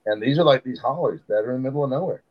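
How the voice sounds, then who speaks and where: A man's voice: mid-range voice, racing, muffled recording. A man, a fishing guide telling stories in casual podcast chat and acting out the locals he meets. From Southern United States. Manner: animated storyteller who acts out quoted locals. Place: podcast studio.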